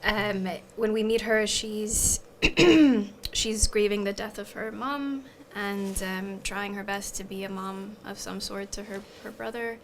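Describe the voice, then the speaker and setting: A woman's voice: medium pitch, takes it slowly, slight background noise. A woman speaking as an actress in an interview, sincere and slightly hesitant as she describes her character. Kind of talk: casual interview answer.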